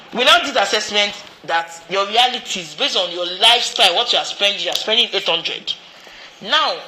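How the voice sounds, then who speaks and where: A Nigerian woman coaches business owners in a bright, crisp voice and repeats her key points for emphasis. Faint background noise sits under her voice. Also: on the high side, poor audio. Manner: repeats phrases for emphasis, storytelling. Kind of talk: teaching a business talk.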